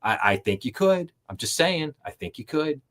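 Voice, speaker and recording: A man's voice: fairly high pitch, big pitch swings, normal speed, fairly bright tone. A man hosting a live finance stream, reading news items aloud and breaking off into skeptical, sarcastic asides. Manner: sarcastic, skeptical asides between read-out passages. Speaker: host.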